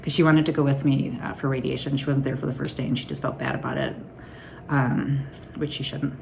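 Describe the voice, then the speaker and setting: A woman's voice: rumbling low, steady tone, a little fast, creaky, background noise. A woman vlogging to her phone camera in a candid, rambling way, laughing through anxious stories. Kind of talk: casual personal vlog.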